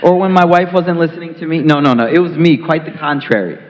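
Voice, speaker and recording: A man's voice: a little high, fast, crowd noise. Earnest man telling stories in an echoey hall. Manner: emphatic, earnest storyteller. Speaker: author being interviewed. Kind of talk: conversational interview with storytelling. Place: large mosque hall. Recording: echoey hall, dull lo-fi sound.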